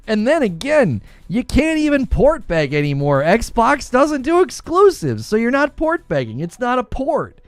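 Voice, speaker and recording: A man's voice: very high voice, huge pitch swings, unhurried, few pauses, no room sound, soft background music. A man hosting a gaming news show, chatting casually and sarcastically, laughing often as he mocks online insults. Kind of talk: casual commentary.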